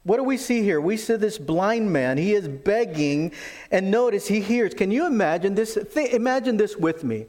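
A man preaching a sermon, animated in his storytelling and acting out the quoted voices. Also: high voice, normal speed. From lived in Texas. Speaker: pastor.

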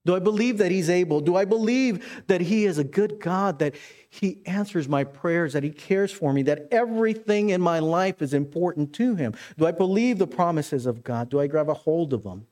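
Animated storytelling male preacher. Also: high-pitched, moderate pace. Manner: storytelling, animated, repetitive phrasing. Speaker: pastor. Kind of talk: sermon.

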